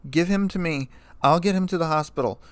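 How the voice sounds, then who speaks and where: A man reading aloud, voicing an anxious young female unicorn who shouts with strained urgency. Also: fairly high pitch, brisk, clean tone, no echo, voice pushed up, natural voice. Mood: frantic.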